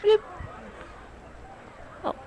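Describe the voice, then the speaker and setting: Slow-speaking woman playing a tabletop game. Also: warm tone, highs cut off, a faint crowd. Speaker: player. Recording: faint background noise.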